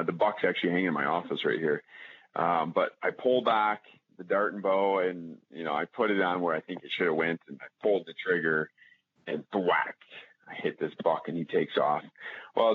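A man's voice: low voice, breathy edge. A man telling hunting stories as a podcast guest in a rambling, casual way, with lots of fillers and restarts. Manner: rambling, many restarts and fillers, animated when retelling. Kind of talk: casual storytelling. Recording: tinny phone-line audio.

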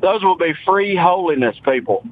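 A man's voice: high voice, animated, normal speed, slight background noise. A man calling in to a radio show, earnest and matter-of-fact. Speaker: caller. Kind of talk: phone-in call. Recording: tinny phone line.

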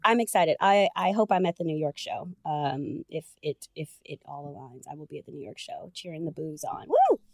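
A woman co-hosting a casual podcast chat, bubbly and quick to laugh, often trailing off mid-sentence. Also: low-pitched, darkish tone, no echo. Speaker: podcast co-host.

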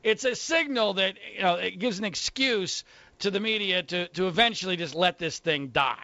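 A man's voice: sits high, moderate pace, bright, forceful tone, dry recording, dull audio. A man hosting a political radio talk show, opinionated and sarcastic.

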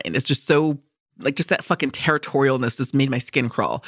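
A woman co-hosting a movie podcast, recapping a film's plot in a profane, animated way and acting out the characters' lines. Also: very deep voice, moderate pace, no room sound, clean studio sound. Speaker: podcast co-host. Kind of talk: casual movie discussion.

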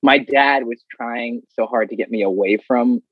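A man with a husky, slightly breathy voice tells stories casually and acts out other people's lines with energy. The sound is dry and close, in a dull, slightly muffled recording. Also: mid-range voice, normal speed, dry recording. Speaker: guest. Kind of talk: casual storytelling.

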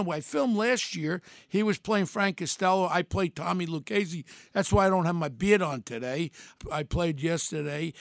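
An older man hosts his podcast in a blunt, wandering monologue full of restarts. His voice is gravelly and pitched high for a man. The close microphone sounds dry, with no room around it. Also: no echo. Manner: rambling, blunt, many restarts and fillers. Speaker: podcast host. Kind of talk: casual monologue.

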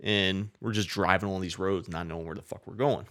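This man's low, fairly quick voice is a bit bright and holds a steady tone. He spins a long, rambling story casually, full of profanity and constant "like" fillers.

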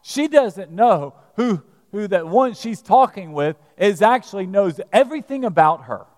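Guy giving a sermon, chatty storyteller, lively pitch, big echoey church. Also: unhurried. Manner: storytelling, conversational. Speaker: preacher. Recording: reverberant church hall.

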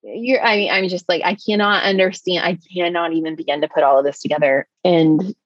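A woman from the United States speaks as a guest, recounting a personal ordeal in a vivid, tumbling way, leaning on filler words. Her voice sits fairly low. The recording is dry and slightly muffled. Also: steady tone, brisk, dry recording. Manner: vivid, breathless retelling with frequent "like" fillers. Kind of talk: emotional personal storytelling.

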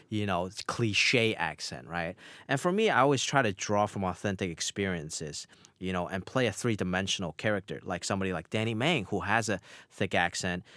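A man's voice: fairly low pitch, fairly bright tone, no echo. A young man, an immigrant actor and author, answering interview questions earnestly with frequent fillers. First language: immigrant, grew up outside America.

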